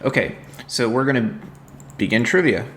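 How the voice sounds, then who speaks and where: A man's voice: medium pitch, animated, normal speed, a bit bright, a little hiss or hum. A man co-hosting a casual podcast, reading out trivia questions in a dry, teasing way. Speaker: co-host and trivia quizmaster.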